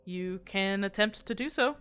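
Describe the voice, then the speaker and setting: A woman's voice: mid-range voice, expressive, normal speed, a bit bright, clear, resonant tone, soft background music. A woman running a tabletop game, narrating at an easy pace and swearing casually out of character. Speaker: game master.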